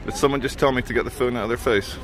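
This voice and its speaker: A man filming a street vlog on his phone, muttering wry asides and turning loud and defiant when confronted. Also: mid-range voice, steady tone, rapid-fire, crowd noise. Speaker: vlogger filming in public. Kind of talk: handheld street vlog commentary. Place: outdoors on a city street. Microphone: handheld phone camera.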